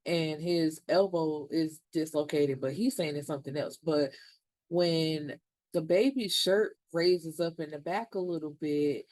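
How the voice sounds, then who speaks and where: A woman's voice: lowish voice, measured pace, a little mellow, dry recording. Chatty woman recapping a show, dry sound. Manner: chatty, retells scenes in quotes, curses freely. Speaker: TV show reviewer. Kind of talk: casual recap vlog.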